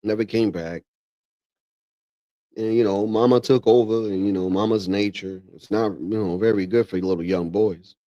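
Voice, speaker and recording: A man hosting a livestream in casual, slangy reaction commentary, calling everyone "bro" and getting animated. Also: on the low side, normal speed, dry recording, highs cut off. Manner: animated, drops into mock voices of relatives. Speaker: livestream host.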